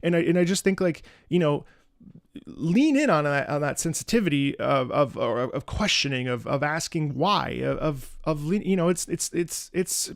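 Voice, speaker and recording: A man's voice: a little high, animated, normal speed, creaky, dry recording, studio quality. A man chatting casually on a music livestream, earnest and rambling, often repeating words and restarting, with the odd swear. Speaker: streamer reacting to music.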